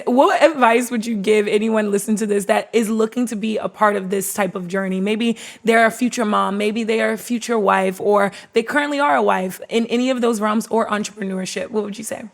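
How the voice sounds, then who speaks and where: A woman's voice: a little high, fairly even intonation, normal speed, creaky. A woman hosting a faith podcast, gushing with affectionate praise for her guest and leading a spoken prayer. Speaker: podcast host. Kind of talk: casual podcast chat.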